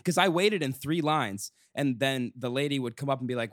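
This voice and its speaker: A young man tells a rambling story on a podcast, leaning on fillers and restarting his sentences as he goes. His pitch sits in an ordinary middle range, and the recording is dry and close, with no room sound. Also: normal speed, no echo. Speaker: podcast co-host. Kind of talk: casual chat, storytelling.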